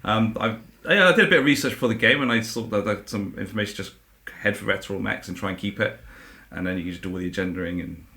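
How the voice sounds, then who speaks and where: A man's voice: fairly low pitch, fast, bright, forceful tone. A man chatting casually on a board game podcast, hesitant and modest, with frequent ums. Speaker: podcast guest player. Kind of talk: casual chat.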